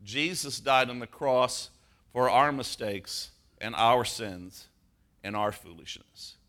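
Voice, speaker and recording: A man preaching a sermon as pastor, moving from a personal story to emphatic, slowed stress on key words. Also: mid-range voice, fairly bright tone.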